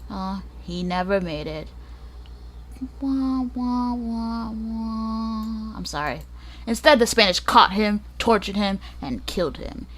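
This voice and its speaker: A woman's voice: medium pitch, normal speed, a bit bright, faint music behind. A woman hosting a gaming channel, reading a book aloud and breaking off for joking asides, sometimes stumbling over hard names.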